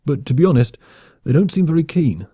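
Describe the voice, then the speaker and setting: A man's voice: on the high side, big pitch swings, a little fast, mellow, breathy edge, no room sound, clean studio sound, pitched above the performer's own voice. A man voicing a jaunty, cheerfully oblivious male space captain with breezy understatement.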